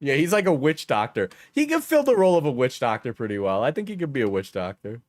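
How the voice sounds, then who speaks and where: A man's voice: mid-range voice, very animated, quick pace, dry recording, studio quality. Rambling, mocking male commentary host. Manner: rambling, full of "like" and "right?"; mocking, crude jokes. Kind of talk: casual commentary.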